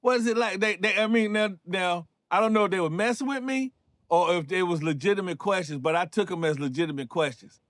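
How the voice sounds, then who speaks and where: High-voiced man telling a story. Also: brisk, a bit bright, slight background noise. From North Carolina. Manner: loose, conversational, with frequent asides. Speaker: show host and storyteller. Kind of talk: casual personal storytelling.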